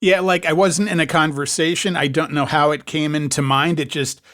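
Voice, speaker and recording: Aussie guy cohost, kinda high voice, dry self-mocking jokes. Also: fairly even intonation, normal speed, fairly bright tone. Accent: Australian. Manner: dry, self-deprecating humor. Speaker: podcast co-host. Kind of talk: casual chat.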